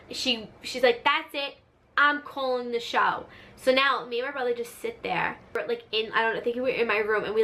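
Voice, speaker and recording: A woman hosting her own storytime vlog, chatty and animated, full of filler words. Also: fairly high pitch. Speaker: vlogger, channel host. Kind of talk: casual storytime monologue.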